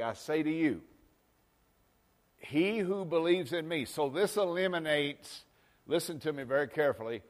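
A male pastor preaching a folksy sermon, swinging from loud exhortations to quiet asides. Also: medium pitch.

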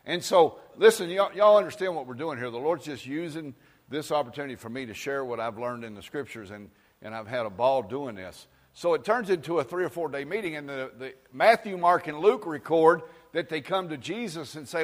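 A man's voice: a little high, lively intonation, a little fast. A man preaching a folksy sermon, telling stories and asking the crowd for amens. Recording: long reverb in a large hall.

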